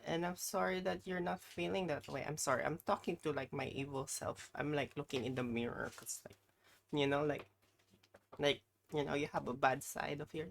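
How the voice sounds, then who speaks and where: A live streamer who rambles and keeps apologizing, chatting casually with chat between clips. The voice sits at an ordinary middle pitch, with a faint hiss running under it. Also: steady tone, moderate pace, vocal fry. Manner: rambling, apologetic, talks to chat while reacting.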